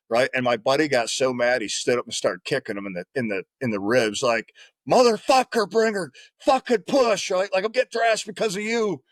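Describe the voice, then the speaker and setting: A man's voice: mid-range voice, no echo. A man, a former Marine guest on a podcast, telling stories in a casual, profane, rambling way, often tagging his lines with "right?". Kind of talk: casual storytelling in conversation.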